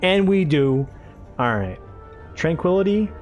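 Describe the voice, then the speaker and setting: A man's voice: a little high, big pitch swings, measured pace, soft background music. A man casually commentating his own game playthrough, rambling, tripping over his words and swearing offhandedly. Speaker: let's play host.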